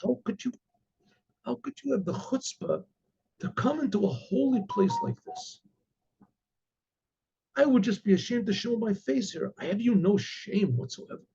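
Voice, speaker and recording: Man playing a stern old rabbi, accusing, gravelly and husky, story-told. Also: sits high, sing-song, moderate pace, long pauses, warm tone, dull audio, voice pushed up, full character voice. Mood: scolding. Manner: scolding, accusing. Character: stern revered old male rabbi scolding.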